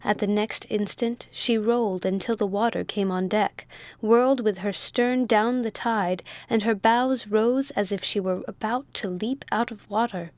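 A woman narrating a classic sea novel as an audiobook, in a steady, clear reading. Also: mid-range voice, measured pace, dry recording. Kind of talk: scripted narration.

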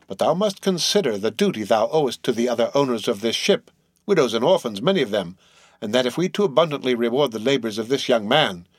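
A man voicing a stingy, pious old ship owner who speaks slowly and steadily in a solemn tone. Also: medium pitch, dry recording, natural voice. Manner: slow, steady, sepulchral. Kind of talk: audiobook character voice.

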